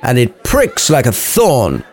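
A man's voice: mid-range voice, huge pitch swings, takes it slowly, exaggerated voice. A man voicing a melodramatic, lovesick young nobleman in a comic storybook retelling, theatrical and mopey.

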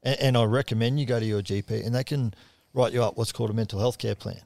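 A man's voice: medium pitch, steady tone, quick pace, creaky, darkish tone, dry recording. A man, a guest on a podcast, talking in a casual, earnest and plain-spoken way. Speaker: podcast guest, charity co-founder. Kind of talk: casual chat.

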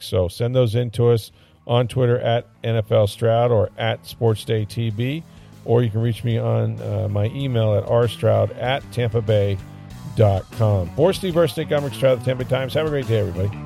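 A man's voice: mid-range voice, moderate pace, vocal fry, mellow, soft background music. A man hosting a sports podcast, talking casually and easygoing with filler words.

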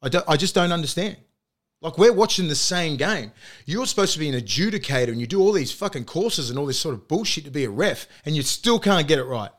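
An Australian man co-hosting a podcast, his voice sitting a little high as he rants in a heated, sweary way. He talks casually, and the conversation keeps stirring him up. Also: lively intonation, fast talker. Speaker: co-host.

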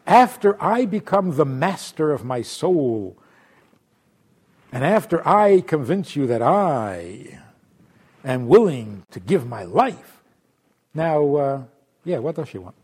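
Husky man giving a lively Torah class. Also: a little high, slow, pauses often. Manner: acts out imagined voices, laughs often, jumps from hushed asides to loud. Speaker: Torah teacher.

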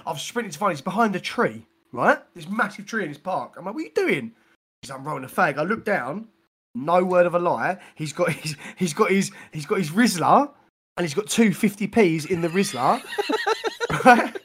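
A young British man co-hosting a podcast, telling an excitable story in casual chat and acting out the quotes. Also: high voice, brisk, slightly rough. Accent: British English. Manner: excitable, acts out quotes, laughs as he talks. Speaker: podcast co-host.

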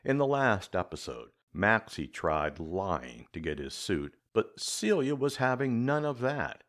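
A man hosts and narrates a scripted story with a measured, dramatic delivery. His voice is very deep but moves lively in pitch, and he takes his time over each phrase. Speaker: host and narrator.

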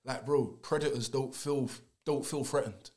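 A young man, talking in an animated, slangy, emphatic way in casual podcast chat. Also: medium pitch, moderate pace.

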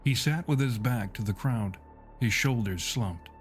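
A man narrating a gritty fantasy story in a steady, measured audiobook delivery. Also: medium pitch. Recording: faint music underneath.

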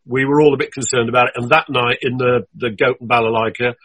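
A man's voice: medium pitch, fairly even intonation, quick pace, fairly bright tone, low-quality recording. A man thinking back on past events in conversation, often hedging on how well he remembers them. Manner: reflective, hedges about his memory. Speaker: guest. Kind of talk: reminiscing conversation.

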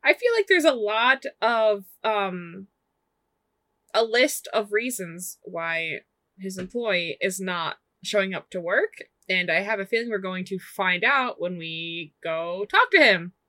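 A woman's voice: mid-range voice, lively intonation, pushed and bright, no room sound. A woman playing a tabletop role-playing game, narrating her character's actions with frequent laughter. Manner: giggly, quick in-character narration. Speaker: player.

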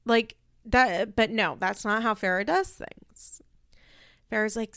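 A woman giving a casual, opinionated recap, chatty with many fillers and acting out quotes in high voices. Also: slow, fairly bright tone, clear, resonant tone, no echo, clean studio sound. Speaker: commentator recapping a reality show.

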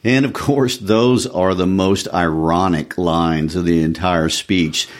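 A man with a very low voice talks through history in an explanatory way. He thinks aloud and often drops in small fillers as he goes. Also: slow pace. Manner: reflective, with frequent fillers. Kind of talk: explanatory discussion.

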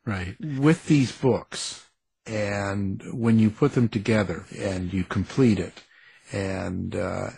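A man's voice: fairly low pitch, slow, gravelly, darkish tone, a little hiss or hum. A man interviewing authors, joking along and laughing easily. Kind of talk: interview conversation.

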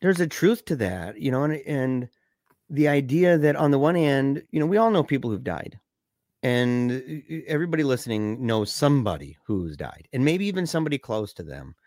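A talkative man on a casual podcast, with a mid-range voice that climbs when he gets excited and sinks low and quiet for grave memories. He stumbles and restarts his sentences often, peppering them with "you know" and "man". The recording is dry and close, with no room echo. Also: moderate pace. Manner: animated, pitch jumps up when excited, drops low and quiet for somber stories. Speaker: podcast co-host discussing a film. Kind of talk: casual conversational discussion.

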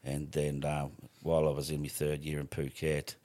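A middle-aged Australian man with a very low voice tells a story casually, swearing freely and rambling through restarts. He is recorded close and dry with no room sound. He is a podcast guest. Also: completely flat delivery, normal speed, dark tone, no echo.

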